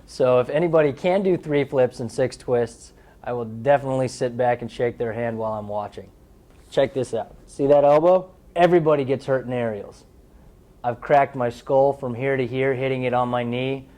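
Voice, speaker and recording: A man's voice: mid-range voice, normal speed, mellow. A young man in his twenties, an athlete being interviewed, talking candidly and casually about his sport with playful storytelling.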